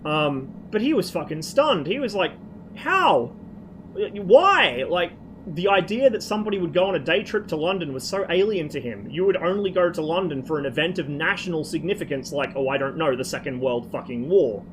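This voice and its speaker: A man's voice: on the high side, animated, a little fast, few pauses. Profane rambling male streamer. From Australia. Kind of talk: casual stream chat. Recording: noisy background.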